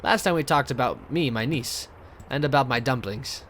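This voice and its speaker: A man voicing a lonely, warm-hearted older male innkeeper in a video game, with a put-on foreign accent and a halting, earnest delivery. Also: medium pitch, slight background noise, close to an everyday voice. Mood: wistful.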